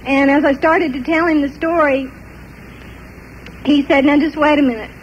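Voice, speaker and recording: An older woman telling a personal story in an animated way, often laughing between parts of it. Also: high voice, moderate pace, dull audio, a little hiss or hum. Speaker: testimony speaker.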